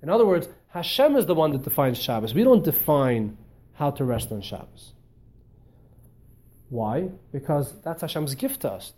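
Male teacher giving a class, warm mellow voice, a touch higher-pitched, animated and repetitive. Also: moderate pace. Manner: animated, repeats words while searching for phrasing. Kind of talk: storytelling lecture.

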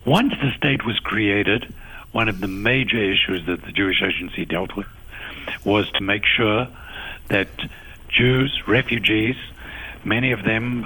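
A man with a South African accent speaks as a guest on a radio broadcast. His voice sits a little low but has a bright, forceful edge. He explains patiently and walks through his points in order. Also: husky, low-quality recording. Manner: measured, explanatory, enumerating points. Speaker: guest, agency official. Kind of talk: radio interview answer.

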